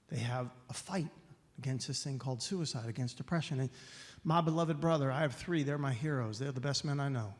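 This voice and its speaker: A man giving an inspirational talk at a church, telling a personal story, acting out the dialogue and pleading with emphasis. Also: mid-range voice. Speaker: guest speaker. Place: church sanctuary. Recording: long hall reverb.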